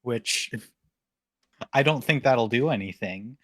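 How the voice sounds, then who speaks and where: A man's voice: mid-range voice, slow pace, fairly bright tone, no echo. Dry-voiced man, wry player banter. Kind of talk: casual tabletop game chat.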